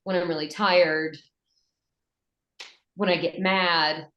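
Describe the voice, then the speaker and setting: A woman's voice: on the low side, slow pace, lo-fi sound. Chatty Southern woman in an echoey room. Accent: Western North Carolina Southern, softened. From Western North Carolina, USA. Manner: chatty, animated, with fillers and restarts. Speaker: voice actress and dialect coach. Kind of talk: conversational interview.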